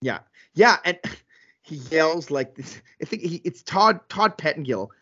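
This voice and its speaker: A man co-hosting a podcast in casual chat, animated, laughing often and acting out quotes. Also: on the high side, a little slow, breathy edge, no echo, muffled recording. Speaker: podcast co-host.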